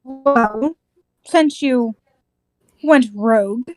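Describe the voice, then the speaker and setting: A woman's voice: a little high, drawn-out words, no echo, soft background music, rough recording. A woman voicing an icy, menacing female mechanoid officer in a tabletop game, curt and threatening. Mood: cold.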